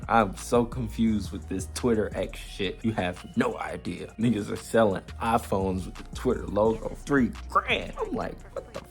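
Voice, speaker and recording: Gravelly man in casual profane commentary. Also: lowish voice. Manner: laid-back, profane, chatty. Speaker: commentary channel host.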